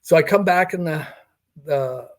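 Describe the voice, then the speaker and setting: This older man's voice is a little high and his pace measured. Appearing as a guest in a podcast interview, he relates a personal encounter, performing the dialogue and chuckling as he tells it.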